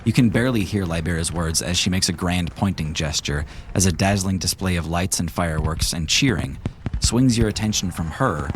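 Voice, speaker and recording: Deep-voiced male game master narrating. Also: slight background noise.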